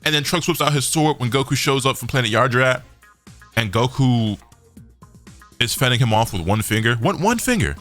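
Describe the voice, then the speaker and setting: A man's voice: medium pitch, expressive, moderate pace, fairly bright tone, faint music behind. A young man giving a loose, slangy casual recap as an anime reviewer.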